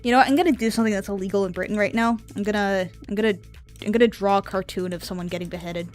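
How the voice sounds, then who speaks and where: A woman's voice: medium pitch, fairly even intonation, fast talker, a little mellow, faint music behind. A woman streamer chatting casually on a live stream, rambling and offhand with drifting asides.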